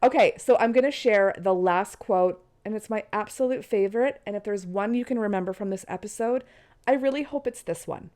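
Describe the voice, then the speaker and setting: A woman hosts her own podcast from bed at home, talking casually on her own in a chatty, encouraging way. Her medium-pitched, darkish voice runs a little fast and sounds stuffy and nasal from a cold.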